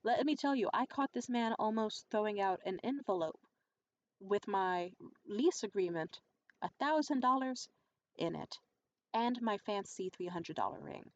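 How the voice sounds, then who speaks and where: A young adult woman in a casual vlog monologue, telling stories in a blunt, profane and animated way. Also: mid-range voice, measured pace, highs cut off. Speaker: vlogger.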